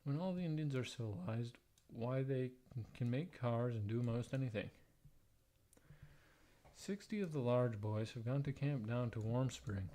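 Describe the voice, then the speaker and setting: Man, mellow dark tone, reads old letters aloud, stumbles and restarts over odd wording, crude joking asides. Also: mid-range voice, a little slow. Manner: blunt, profane joking asides. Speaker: livestreamer. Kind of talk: reading historical letters aloud, with casual asides.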